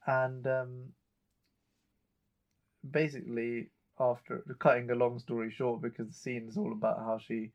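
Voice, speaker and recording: A man's voice: medium pitch, flat delivery, measured pace, dull audio. A man co-hosting a chat show, casually retelling a TV episode scene by scene and reading out the characters' lines. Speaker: podcast co-host recapping an episode.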